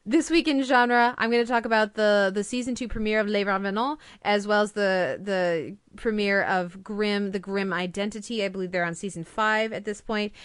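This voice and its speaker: A woman's voice: mid-range voice, fairly even intonation, normal speed, hardly any pauses, clean tone. A young woman co-hosting a casual podcast, chatting enthusiastically about TV episodes with frequent fillers and restarts. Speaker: podcast co-host reviewing TV.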